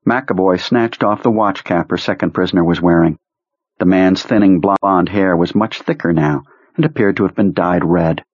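A man narrating a novel in a low, husky voice with a steady, measured pace. The recording is dry and close, with a dull, muffled tone. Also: no room sound. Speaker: audiobook narrator. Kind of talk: scripted narration.

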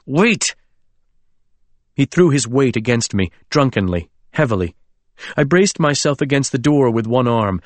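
Guy reading a novel out loud, steady and measured, mid voice, dry close sound. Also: mid-range voice, no room sound. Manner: measured, literary storytelling. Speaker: audiobook narrator. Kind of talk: scripted narration.

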